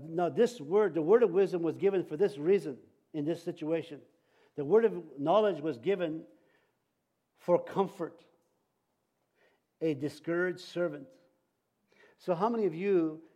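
A male preacher giving a sermon, halting and restarting often, with light jokes. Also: fairly high pitch, warm tone.

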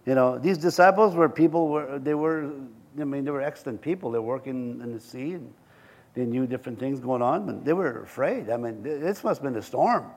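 A male pastor preaching a sermon in a church, animated and joking, acting out scenes and laughing with the congregation. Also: medium pitch, brisk, breathy edge.

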